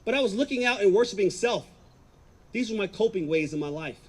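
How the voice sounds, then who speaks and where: Middle-aged guy with a high voice telling his life story, confessional, gets loud then quiet. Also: lively intonation, a little fast, husky. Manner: confessional, swings from quiet to emphatic. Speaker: former football player giving a testimony. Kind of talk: personal testimony, storytelling.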